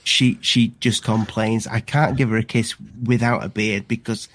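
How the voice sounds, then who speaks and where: A man's voice: fairly low pitch, fairly even intonation, moderate pace, fairly bright tone, dry recording. A man co-hosting a casual livestream chat, rambling and restarting his sentences often. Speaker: livestream co-host.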